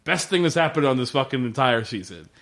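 A man's voice: medium pitch, lively intonation, quick pace, a bit bright. A man hosting a podcast, recapping in casual chat with frequent swearing and wry, enthusiastic remarks. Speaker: podcast host.

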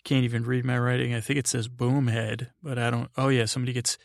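A male podcast host rambling through a bedtime recap, with lots of fillers and restarts. He paraphrases the characters in a low-key voice. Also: flat delivery, fast, creaky, no room sound, clean studio sound.

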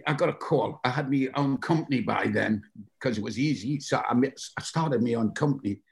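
A Geordie man from the North East of England, a guest telling stories with animated delivery and putting on other people's voices. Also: mid-range voice, fairly quick, gravelly. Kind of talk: anecdotal storytelling.

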